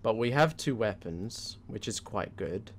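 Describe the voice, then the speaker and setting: A man's voice: fairly low pitch, animated, unhurried, slight background noise. A man co-hosting a casual gaming chat, reasoning his choices out aloud. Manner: musing, reasons things out aloud. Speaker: co-host.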